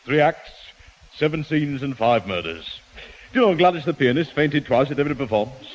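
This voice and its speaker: A man's voice: on the high side, animated, brisk. A man playing a boastful older ex-actor in a 1960s radio sitcom. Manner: hammy, theatrical. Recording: dull old radio broadcast, loud hiss.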